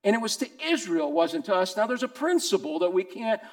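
A man's voice: high voice, very animated, fairly quick. A man, preaching a casual sermon, teasing his listeners and asking them questions. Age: 60s. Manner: teasing, conversational, asks the group questions. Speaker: pastor. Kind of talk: casual sermon to a small group.

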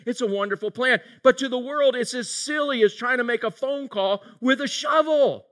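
A man's voice: very high-pitched, a little fast, few pauses. A male pastor giving a casual, jokey sermon and calling out to people in the congregation by name. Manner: animated, jokey, addresses the congregation directly.

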